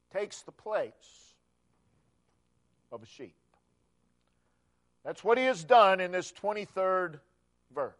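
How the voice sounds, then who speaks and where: Male preacher with a high voice, unhurried, emphatic, repeats phrases and builds to loud peaks. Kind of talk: sermon.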